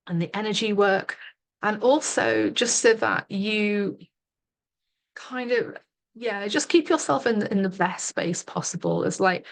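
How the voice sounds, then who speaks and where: A middle-aged woman, leading a live online workshop as a coach in a chatty, giggly way full of fillers, over a webcam mic. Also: medium pitch.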